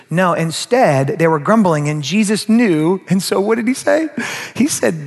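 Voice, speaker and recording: Animated pastor preaching in an echoing hall. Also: male voice, high voice, normal speed. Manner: animated, acts out quoted voices, addresses the crowd directly. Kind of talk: sermon. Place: church sanctuary. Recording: long reverb of a large hall.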